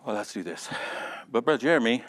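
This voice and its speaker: A man teaching a Sunday school Bible lesson in a lively, conversational way, calling on class members by name and joking along the way. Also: mid-range voice, quick pace, a little hiss or hum. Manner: animated, addresses class members by name, jokes.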